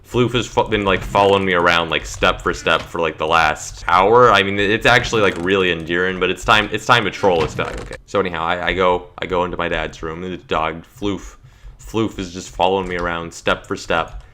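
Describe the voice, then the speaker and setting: Deep deadpan young man telling a story. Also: brisk, slight background noise. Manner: dry, deadpan storytelling with lots of "like". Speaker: gaming streamer. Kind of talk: casual storytelling to stream.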